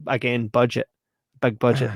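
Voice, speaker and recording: Lively Scottish man laughing through film chat. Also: medium pitch, moderate pace, no echo, clean studio sound. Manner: animated, laughing, acts out scenes with squeals and sound effects. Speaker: podcast co-host.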